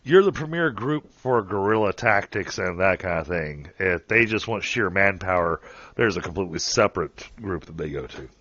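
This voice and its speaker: A man narrating as game master of a tabletop game, halting and full of fillers, over a dull online call. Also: sits low, animated, a bit bright, no echo.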